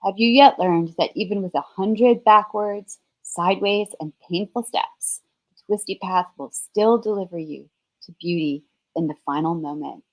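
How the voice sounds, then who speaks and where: A woman reading aloud the words of a mythical male creature who acts as a solemn spiritual mentor, in slow, earnest questions. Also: medium pitch, darkish tone, close to an everyday voice, rough recording. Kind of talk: reading a novel passage aloud.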